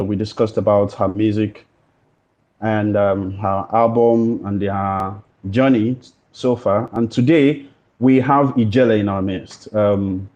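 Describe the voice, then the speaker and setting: Halting Nigerian man hosting a show. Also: on the low side, warm tone, highs cut off. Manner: formal, welcoming, halting with many fillers. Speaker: podcast host. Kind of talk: hosted interview.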